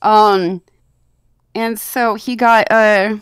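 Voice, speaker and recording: A woman's voice: medium pitch, fairly even intonation, very slow, clean tone, no room sound, clean studio sound. A woman co-hosting a live stream, talking bluntly and casually, with some swearing. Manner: blunt and profane. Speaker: co-host and parent.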